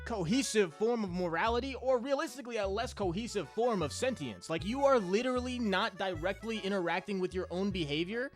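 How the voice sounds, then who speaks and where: A man's voice: high voice, lively intonation, a little fast, hardly any pauses, faint music behind. A young man delivering a blunt, profane, exasperated rant to camera. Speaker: vlogger. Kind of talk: heated monologue rant.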